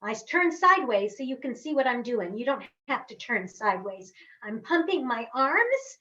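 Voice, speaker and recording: A woman voice coach leading a guided vocal warm-up over a webcam, giving encouraging step-by-step instructions with long hums. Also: fairly high pitch, very animated, normal speed, lo-fi sound. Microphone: webcam on a video call.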